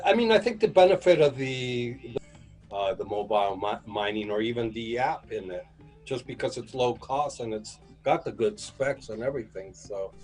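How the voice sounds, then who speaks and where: Husky-voiced man telling anecdotes. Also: lowish voice, a little mellow, rough recording. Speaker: guest, PR manager. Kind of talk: casual chat.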